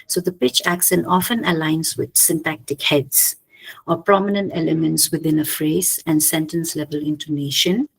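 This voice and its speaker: A woman giving an academic slide presentation, hesitant, often pausing with "okay" and restarting her phrases. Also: lowish voice, creaky, slightly rough, rough recording. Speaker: conference presenter.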